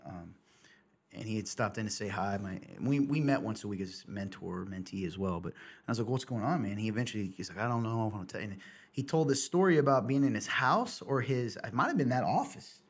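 A husky-voiced man, host of a casual podcast, telling a story. He rambles and restarts his sentences, with a slightly breathy edge on his words. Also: fairly low pitch, expressive, a little fast.

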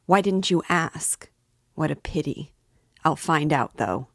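A woman voicing a hearty, excitable young man in an audiobook reading, speaking eagerly and with emphasis. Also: deep voice, takes it slowly, dry recording, clean studio sound, heavily acted. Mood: earnest.

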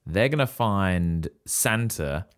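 A man's voice: low voice, slow, heavy background noise. A man co-hosting a podcast, reacting expressively and guessing where a film's story goes. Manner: expressive, guessing plot twists. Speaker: podcast co-host. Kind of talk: casual chat, film recap.

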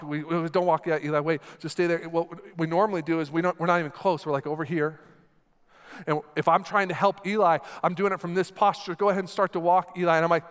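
A man preaching a sermon in a church, talking in an animated, conversational way while he acts out a scene with a volunteer on stage. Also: on the high side. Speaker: pastor. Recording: long hall reverb with faint music.

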